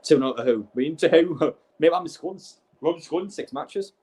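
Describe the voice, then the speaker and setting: A man's voice: a little high, lively intonation, dark tone. A young man, giving exasperated, sweary live reaction commentary as a football fan streaming a match. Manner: exasperated, sweary, fast-shifting rants.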